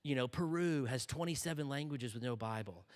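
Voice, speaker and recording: A man's voice: medium pitch, brisk. A man preaching to students, telling a story energetically and often checking in with "okay?". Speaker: conference speaker. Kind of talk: sermon. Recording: long reverb in a large hall.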